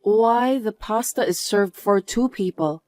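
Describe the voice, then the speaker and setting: A woman's voice: medium pitch, measured pace, a little mellow, dry recording, clean studio sound, natural voice. A woman voicing an elderly mother-in-law who needs care, speaking plaintively in a narrated family drama. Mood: accusing. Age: older. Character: elderly mother-in-law needing care, meek, then suspicious.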